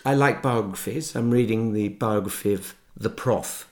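A man raised in Ireland talks about his books and his past in an easy, rambling way. His voice sits fairly low, and a faint Irish lilt shows through a polished English accent. He corrects himself often as he goes. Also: moderate pace, darkish tone. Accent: slight Irish lilt with English polish. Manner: rambling, anecdotal, self-correcting. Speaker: author guest. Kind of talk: casual interview chat.

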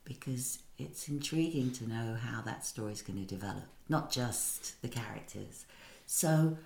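Very deep-voiced woman host, roomy. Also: gravelly, a little mellow. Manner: brisk, steering questions. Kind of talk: interview. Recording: roomy echo.

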